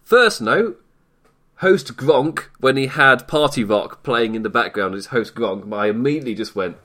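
A man's voice: mid-range voice, lively intonation, unhurried, pushed and bright. British man, young adult, casual solo commentary, chatty, laughs a lot, home setup, mic off to one side. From Britain. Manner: chatty, self-deprecating, laughs often. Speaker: wrestling podcast host. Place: at home in isolation. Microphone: desk mic off to one side.

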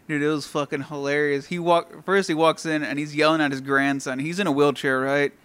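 A man's voice: a little high, flat delivery, brisk, a bit bright, clear, resonant tone. A young man in casual chat, telling crude stories with lots of swearing and laughter.

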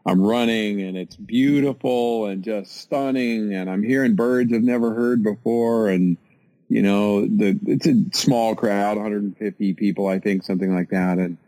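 A man's voice: lowish voice, a little slow, warm tone, no room sound, poor audio. An American man telling a story in an interview, casual and self-mocking, with lots of fillers and restarts. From United States.

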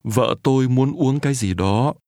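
A man modelling phrases for a language course, with careful, clear enunciation for the learner to repeat. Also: medium pitch, moderate pace, dark tone, dry recording, clean studio sound.

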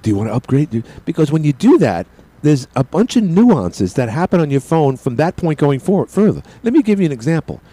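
A man's voice: fairly high pitch, very animated, a little fast, dark tone, slightly rough. A middle-aged man hosting a call-in radio show, rambling along and often stammering and repeating his words. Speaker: radio talk show host.

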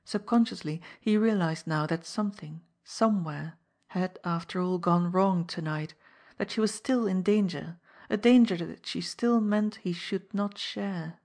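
Woman reading an adventure audiobook, measured pace, slightly low voice. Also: a little mellow. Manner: measured storytelling. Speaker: audiobook narrator. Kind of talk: scripted narration.

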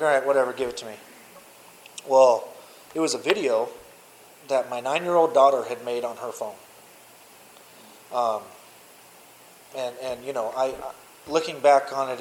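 A man, a podcast guest, telling his personal story candidly in blunt, profane words, often restarting and at times speaking low and quiet. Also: slight background noise, poor audio.

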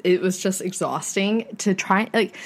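A young woman co-hosting a podcast in casual chat, telling her own story in animated bursts with halting restarts. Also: medium pitch. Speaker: podcast co-host.

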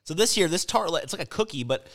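A man's voice: fairly high pitch, quick pace. A man hosting a podcast in casual chat, tasting snacks with enthusiasm. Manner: animated, enthusiastic snack taster. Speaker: podcast host.

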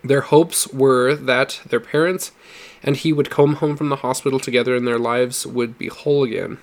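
A man reading a story aloud in a steady, measured narration. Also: mid-range voice. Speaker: audiobook reader.

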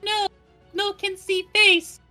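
A man voicing a small, excitable male kobold squire who speaks in broken, clipped phrases. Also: very high-pitched, takes it slowly, faint music behind, pitched above the performer's own voice, exaggerated voice.

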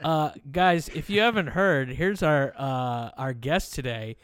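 A man's voice: fairly high pitch, measured pace, fairly bright tone, clean tone, dry recording, studio quality. A man hosting a podcast over a video call, rambling with many fillers and frequent swearing. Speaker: podcast host.

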